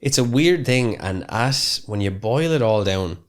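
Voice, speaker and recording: A man's voice: medium pitch, animated, a little slow. A young man co-hosting a podcast, talking in a rambling, chatty way with plenty of fillers and restarts. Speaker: podcast co-host. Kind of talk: casual podcast chat.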